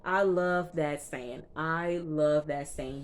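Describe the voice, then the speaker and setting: A woman reviewer recapping a TV episode in a casual, slangy, chatty way, tossing in quick asides as she goes. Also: sits low, a little hiss or hum. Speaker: TV show reviewer.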